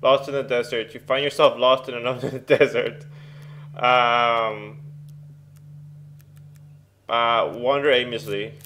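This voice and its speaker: A young man giving casual, excitable let's play commentary and reading game text aloud at home. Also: mid-range voice, slow pace, pauses often, a little hiss or hum.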